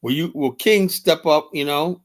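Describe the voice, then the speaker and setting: Forceful, profane livestream host. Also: male voice, fairly high pitch, unhurried. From United States. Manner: emphatic, profane, repeats "you know". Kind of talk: heated solo livestream commentary.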